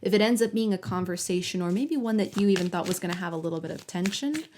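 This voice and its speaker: A woman giving a collective tarot reading, talking softly and affectionately to the viewer and sometimes dropping to a whisper. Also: fairly low pitch, fast, a little hiss or hum. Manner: soft, affectionate, talks directly to the viewer. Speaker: tarot reader.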